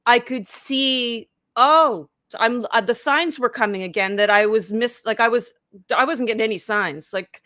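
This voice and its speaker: A woman in her fifties chats as a guest on a live video call, her voice bright and sharp with a dry, close sound. She tells her story casually, scattering "like" through it and acting out her own past thoughts as quotes. She sits a little higher in pitch than most women. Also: a little slow, dry recording. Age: 50s. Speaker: life coach and guest.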